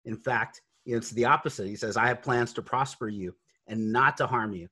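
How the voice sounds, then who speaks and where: A man's voice: medium pitch, normal speed, pushed and bright, slightly rough. Earnest man with many restarts. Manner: earnest, faith-driven, many fillers and restarts. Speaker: guest, real estate investor. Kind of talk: conversational interview storytelling.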